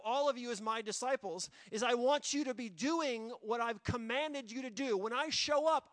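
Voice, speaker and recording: A man's voice: extremely high pitch, fairly bright tone, no echo. A middle-aged man as a pastor, preaching a sermon and repeating his key phrases for emphasis.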